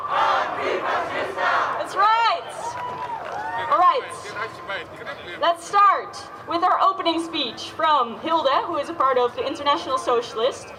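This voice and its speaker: Woman, rally emcee, high and slow-paced, outdoor square with crowd noise. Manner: energetic, switches between English and Dutch. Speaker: rally moderator. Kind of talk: rally emcee, leading chants.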